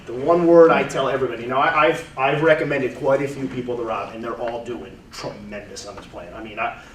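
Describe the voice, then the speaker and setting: A man in his thirties talking casually to a group, repeating and restarting words as he goes. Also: mid-range voice. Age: 30s. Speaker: testimonial speaker. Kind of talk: casual testimonial talk to a group. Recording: roomy, from far off, faint noise.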